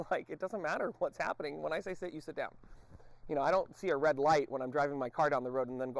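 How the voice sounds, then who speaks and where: A man with a slightly high voice, teaching viewers about dog training as he works a dog outdoors. He breaks off his explanations to bark short, firm commands, then turns back to speak to the audience as "folks". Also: fast, vocal fry, no echo. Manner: addresses viewers directly as folks. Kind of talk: instructional commentary while training a dog.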